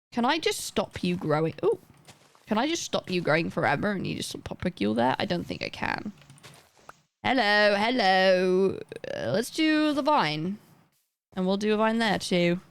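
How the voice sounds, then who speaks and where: A young woman livestreaming a game, chatting casually and rambling as she plays and talks to her chat. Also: mid-range voice.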